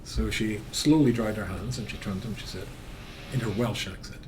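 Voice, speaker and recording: A man, a rabbi teaching a lesson as an animated storyteller, full of filler words. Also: on the low side, normal speed, slight background noise.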